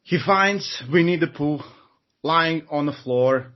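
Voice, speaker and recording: A man with a Latvian accent, a non-native speaker, telling a joke on a podcast, halting and searching for words. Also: fairly high pitch. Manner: halting, searches for words, laughs while talking. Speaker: strength coach, co-host. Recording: muffled video-call audio.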